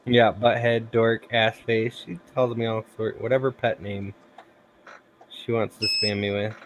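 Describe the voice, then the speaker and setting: A man's voice: lowish voice, a little slow, background noise. Chatty man telling home stories. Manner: animated storyteller who acts out quoted voices. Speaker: livestream host. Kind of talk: casual chat.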